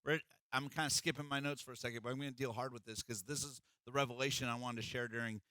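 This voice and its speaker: A man's voice: medium pitch, fairly even intonation, fast talker, pushed and bright, no echo. A middle-aged man preaching a sermon as pastor, in an emphatic, conversational way.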